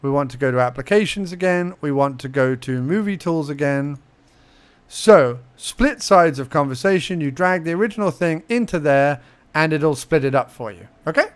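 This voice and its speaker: A fairly high-pitched young man talks through a casual software tutorial. He chats playfully, mutters to himself as he clicks around, and jumps to mock surprise at what he finds. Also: lively intonation, moderate pace, smooth. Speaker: podcast host giving a tutorial. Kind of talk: casual screen-recorded tutorial.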